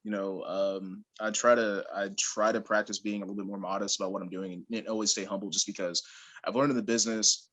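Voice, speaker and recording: Fast-talking young man telling stories. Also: on the low side. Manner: animated storyteller, laughs often, acts out quotes. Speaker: guest, pro wrestler. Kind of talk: casual interview chat.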